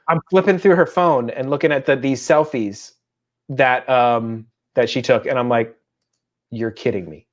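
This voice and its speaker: A man in his thirties chats easily as co-host of a laid-back podcast, with a voice at an ordinary middle pitch. He jokes freely, laughs often and slips into goofy voices when he quotes someone. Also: steady tone, moderate pace. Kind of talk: casual podcast chat.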